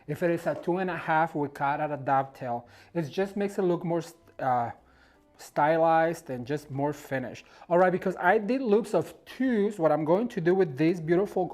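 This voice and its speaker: A man's voice: on the high side, a little mellow. Effusive man demonstrating home decor. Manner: effusive, encouraging, gushes over the materials. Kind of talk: casual how-to demonstration. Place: at home beside a Christmas tree.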